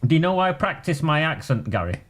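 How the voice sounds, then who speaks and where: Blunt campaigner. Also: male voice, fairly high pitch, very animated, fast. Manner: blunt, combative, chatty. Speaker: local campaigner. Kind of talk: casual campaign video.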